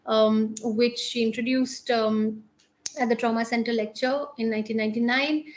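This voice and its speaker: A woman with an Indian English accent giving a measured academic lecture on psychotherapy as a clinical psychologist, with frequent pauses and restarts. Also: fairly high pitch.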